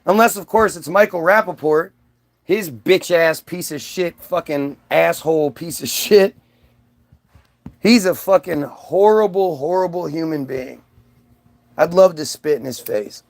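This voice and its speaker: A man with a high voice and a gravelly rasp, ranting in a loose, rambling stream full of swearing. He breaks off and restarts his sentences often as he talks to his viewers. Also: unhurried. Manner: rambling, profane, many restarts. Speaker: vlogger. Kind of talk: ranting monologue.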